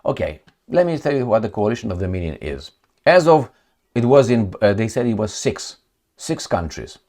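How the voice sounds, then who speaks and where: A man's voice: lowish voice, big pitch swings, normal speed, a little mellow. A man giving casual political commentary, mocking and chatty, talking to his viewers like friends. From Romania.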